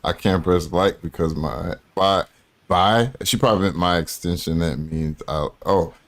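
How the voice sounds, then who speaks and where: A man's voice: deep voice, unhurried. A man live-streaming reactions to a video, joking crudely and laughing often. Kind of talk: casual live-stream commentary.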